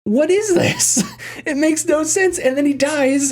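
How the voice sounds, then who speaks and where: A man talking casually on a gaming podcast, animated and rambling, often restarting his sentences. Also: very high-pitched, a little slow. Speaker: podcast host.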